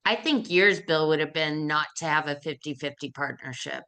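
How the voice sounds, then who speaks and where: Bright, crisp woman interviewer. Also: deep voice, normal speed. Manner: upbeat, brief questions. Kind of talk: casual interview.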